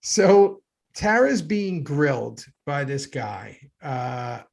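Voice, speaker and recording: Middle-aged male podcast co-host, gravelly, slightly high voice, casual review chat. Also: very slow. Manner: animated, thinks aloud with many "right?" asides.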